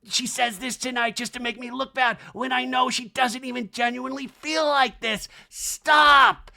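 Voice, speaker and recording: A man doing a loud, exasperated impression of a furious woman reality star. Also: very high-pitched, steady tone, normal speed, creaky, pitched above the performer's own voice, heavily acted. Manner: yelling, exasperated.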